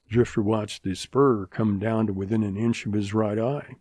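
Mellow-voiced male western narrator. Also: lowish voice, no room sound. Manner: steady, measured storytelling. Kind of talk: scripted audiobook narration.

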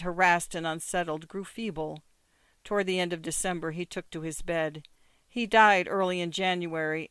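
Smooth, measured short-story narrator. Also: mid-range voice, fairly bright tone, dry recording. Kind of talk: scripted narration of short stories.

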